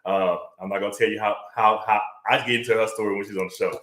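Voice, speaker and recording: Excitable male livestream host, roomy echo. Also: on the low side, fairly quick, few pauses. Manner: excited, chatty, repeats himself often. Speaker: host of a live web talk show. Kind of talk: energetic livestream monologue.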